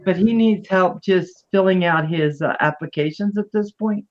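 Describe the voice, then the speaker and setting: A woman co-hosting a casual live stream chat, animated and teasing, often laughing. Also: on the low side, normal speed. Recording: dull lo-fi stream audio.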